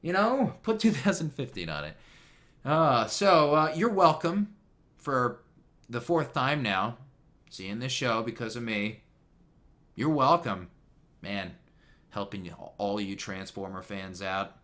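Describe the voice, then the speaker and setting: A man's voice: medium pitch, expressive, slow pace, long pauses, a bit bright. A man giving a casual, jokey commentary on a TV episode, rambling with fillers and asides. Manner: chatty, jokey, trails off with fillers. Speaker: YouTube commentator.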